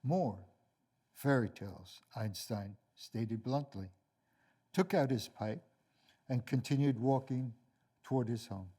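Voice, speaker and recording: Older male lecturer, deliberate and wry, very slow delivery at an average pitch. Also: expressive, mellow, husky. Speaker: lecturer, author. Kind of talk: read lecture and storytelling.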